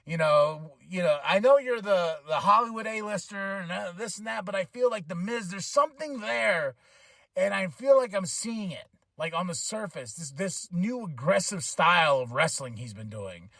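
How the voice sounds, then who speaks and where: A man hosting his own podcast, recapping a wrestling show in a casual, rambling, animated way with lots of asides. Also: high-pitched, normal speed, vocal fry, no echo. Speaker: podcast host.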